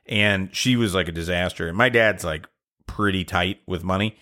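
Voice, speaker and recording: A man's voice: low voice, normal speed, bright, forceful tone. A middle-aged man co-hosting a podcast, telling a long, rambling, self-deprecating story in casual chat. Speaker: podcast co-host.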